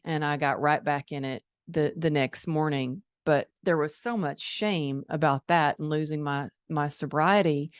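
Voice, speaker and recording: A woman in her forties hosts a podcast and talks in a relaxed, open way about her own life. Her voice sits a little low. The recording is dry, with no room echo. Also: clear, resonant tone. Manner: open, personal sharing with frequent fillers. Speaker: podcast host. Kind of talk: conversational podcast interview.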